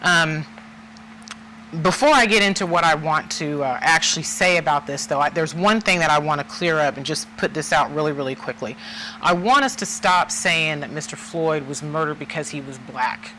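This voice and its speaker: A woman with a low-pitched yet bright voice co-hosts a talk show. She speaks haltingly, often starting over mid-sentence. Faint noise runs underneath. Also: poor audio. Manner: halting, with restarts. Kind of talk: impassioned discussion.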